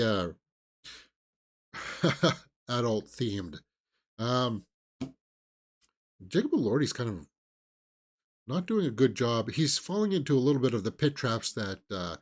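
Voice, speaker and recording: A man's voice: mid-range voice, animated, measured pace, pauses often. Guy hosting a movie news stream, chatty and opinionated, lots of ums and restarts. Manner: rambling, opinionated, with many fillers and restarts; sarcastic, mocking impressions of celebrities. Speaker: movie news show host. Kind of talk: casual live-stream chat.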